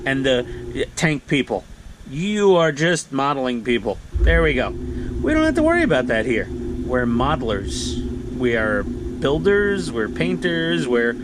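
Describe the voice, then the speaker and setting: A man's voice: mid-range voice, noisy background. A man hosting a casual hobby build vlog at home, rambling with self-mocking jokes. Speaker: hobby channel host. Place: home basement hobby room.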